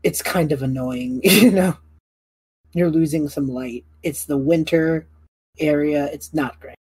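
A young woman narrating a tabletop game as game master, casual and full of fillers, clearing her throat now and then. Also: low voice, unhurried, darkish tone, no echo.

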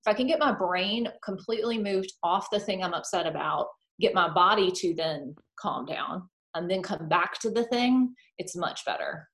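A woman's voice: fairly low pitch, normal speed, few pauses. Chatty woman, lots of "like". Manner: chatty, animated, filler-heavy with lots of "like"; acts out her own thoughts in quoted voices. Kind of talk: casual chat.

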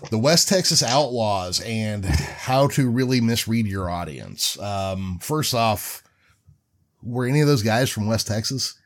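A man's voice: on the low side, expressive, unhurried. An older man hosting a casual chat, making dry joking asides. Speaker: podcast host.

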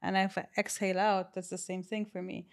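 Female guest expert, calm, measured delivery, mid-range voice. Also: mid-range voice. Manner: calm, measured, unhurried explaining. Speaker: bodywork practitioner, podcast guest. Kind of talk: reflective interview talk.

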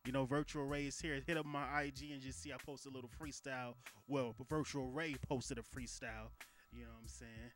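A man co-hosting a casual podcast, telling animated stories, slipping in "you know what I'm saying" again and again. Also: medium pitch, fairly quick, soft background music. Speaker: podcast co-host. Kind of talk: casual podcast banter and storytelling.

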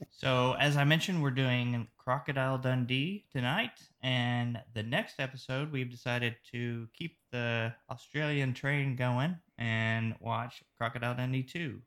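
A man hosting a movie podcast in easygoing chat. His pitch is mid-range for a man. He talks in a loose, joking way. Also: fairly even intonation, unhurried, fairly bright tone. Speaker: podcast host. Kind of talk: casual movie review chat.

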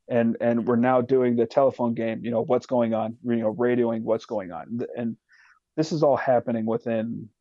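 A man telling a profane, animated war story as a podcast guest. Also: mid-range voice, dry recording, lo-fi sound. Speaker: podcast guest, retired soldier. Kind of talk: casual storytelling.

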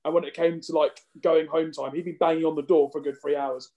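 A man's voice: on the high side, little pitch movement, quick pace, dull audio. A young man co-hosting a podcast, rambling and self-deprecating in casual chat. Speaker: podcast co-host.

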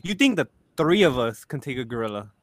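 Lively young man, keeps saying bro. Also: mid-range voice, brisk, no room sound, studio quality. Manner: laughing, animated, says "bro" constantly. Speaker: podcast co-host. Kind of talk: casual chat.

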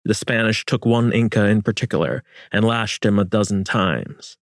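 A man reading historical fiction as narrator in a measured, solemn manner. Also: on the low side, no room sound, clean studio sound.

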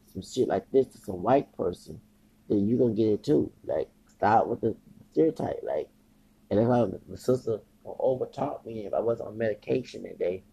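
A man's voice: on the low side, gravelly, warm tone, breathy edge. A man hosting a podcast, talking in a rambling, agitated monologue full of swearing and repetition. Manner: agitated, profane, repeats himself. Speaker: podcast host. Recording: dull lo-fi recording.

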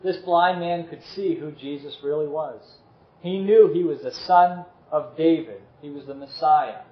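A male preacher delivers a sermon at an unhurried, deliberate pace, his voice sitting a little high. He leans into earnest lines and lets the weightiest words fall quiet. The sound is roomy and echoing, slightly muffled. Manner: slow, earnest, dropping to soft intensity on key words. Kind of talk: sermon with closing prayer. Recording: echoey room, slightly dull sound.

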